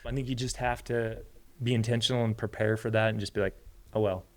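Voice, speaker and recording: A man, a podcast guest, telling a story in a casual, animated way and acting out the quoted lines. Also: a little fast. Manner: animated storyteller, acts out quotes with big pitch jumps.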